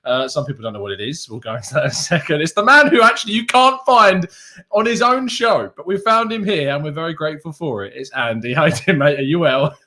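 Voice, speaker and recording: A man's voice: fairly high pitch, expressive, quick pace, sharp tone. A man with an English accent hosting a casual football podcast, upbeat and chatty, laughing often. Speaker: podcast host.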